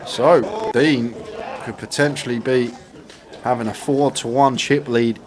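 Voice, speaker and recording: A man co-commentating a poker live stream, calm and analytical, calling the odds and the results. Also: mid-range voice, a little slow. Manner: relaxed, analytical play-by-play. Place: poker room at a live event. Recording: noisy crowd behind.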